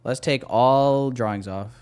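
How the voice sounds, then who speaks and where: A man's voice: medium pitch, unhurried, darkish tone, clear, resonant tone. A young man giving live commentary on his trades to a stream chat, casual and self-deprecating.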